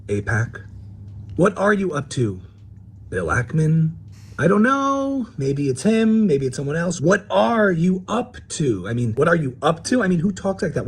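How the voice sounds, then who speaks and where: A man's voice: a little high, slight background noise. A man playing a paranoid woman commentator in a parody sketch, talking mock-serious and theatrical with swooping emphasis.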